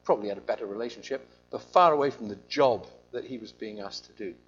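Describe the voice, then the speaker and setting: A man preaching a sermon in an animated, conversational storytelling way, on a slightly muffled recording. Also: fairly low pitch, fast talker.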